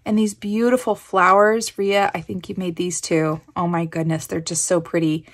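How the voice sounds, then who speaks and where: A woman's voice: on the low side, flat delivery, moderate pace. A woman from Kansas hosting a crafting vlog, gushing with effusive thanks as she unpacks a gift package. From Kansas, USA. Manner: gushing, effusive, breathy exclamations. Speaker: crafting channel host. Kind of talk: casual show-and-tell of a gift package.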